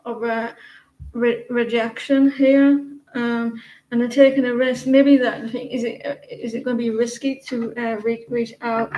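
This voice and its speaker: A woman's voice: a little high, little pitch movement, mellow, muffled recording, a little hiss or hum. English woman reading tarot, echoey room. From England. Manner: halting, many fillers and restarts. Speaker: tarot reader. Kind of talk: live-stream tarot reading.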